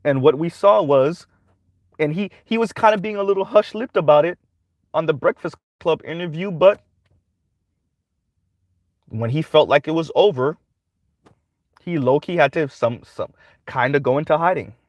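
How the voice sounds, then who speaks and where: A man's voice: a little high, normal speed, long pauses, no echo, muffled recording. A man hosting a commentary channel, giving a casual monologue that keeps checking in with "right?". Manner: conversational, repeats "right?" often.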